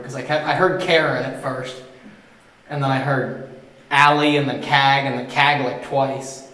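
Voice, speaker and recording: A man's voice: mid-range voice, fairly bright tone. Man, investigator, rambling casual talk, far from the mic, roomy echo. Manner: rambling, filler-heavy recounting. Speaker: paranormal investigator. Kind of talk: casual chat. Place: inside a large old prison building. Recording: echoey hall, voice from far off.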